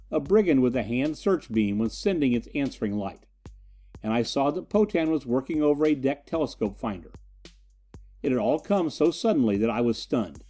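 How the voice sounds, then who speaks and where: Mellow male audiobook narrator. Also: medium pitch. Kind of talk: scripted first-person narration.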